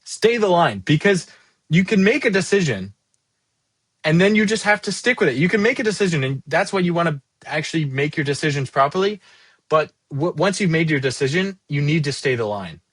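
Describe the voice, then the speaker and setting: A young man in his twenties venting in a rambling, profane, self-deprecating monologue about running a software business. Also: on the high side, very animated, brisk, breathy edge, dry recording. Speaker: SaaS founder vlogging.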